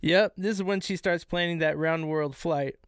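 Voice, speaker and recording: A man co-hosting a casual podcast, telling history in a profane, excitable way. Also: fairly high pitch, normal speed, clean tone, no echo, clean studio sound. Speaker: podcast co-host. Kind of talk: casual chat.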